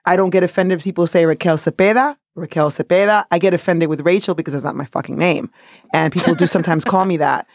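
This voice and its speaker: New lady cohost, animated and joking, swears a lot, dry close mic. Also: fairly low pitch, fast talker, dry recording. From New York City, by way of the Dominican Republic. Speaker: podcast co-host. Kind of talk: casual chat.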